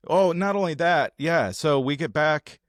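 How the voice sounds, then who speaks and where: A man from the United States co-hosting a podcast, telling a travel story in animated, casual chat and acting out what people said. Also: a little high, measured pace, dry recording, studio quality. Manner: animated storytelling, acts out quotes. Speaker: podcast co-host.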